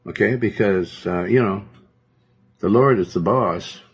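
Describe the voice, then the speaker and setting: A man's voice: lowish voice, unhurried, breathy edge. A male pastor preaching a sermon in a domineering, rambling way, full of fillers. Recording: dull lo-fi recording.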